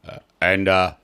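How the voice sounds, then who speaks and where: Guy doing a wisecracking actor, lowish voice, dry jokes. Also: bright, forceful tone, smooth, heavily acted. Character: wisecracking male radio actor, adult. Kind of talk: radio drama acting.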